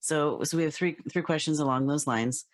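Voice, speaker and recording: A podcast host speaks calmly and explains things at an even middle pitch, with a few filler "um"s. The sound is dry and close to the mic. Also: brisk, dry recording. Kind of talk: podcast interview hosting.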